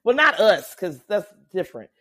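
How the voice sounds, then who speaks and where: A woman's voice: medium pitch, big pitch swings, moderate pace, pushed and bright. A woman co-hosting a podcast in casual chat, teasing and chiming in often. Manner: playful teasing, chimes in often. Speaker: podcast co-host.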